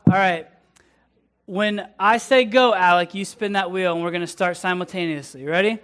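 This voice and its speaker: Brief: energetic male youth leader, bright high voice, playful and quick to joke with the room. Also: clear, resonant tone. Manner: upbeat, energetic, joking with the room. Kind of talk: lively youth group game and teaching.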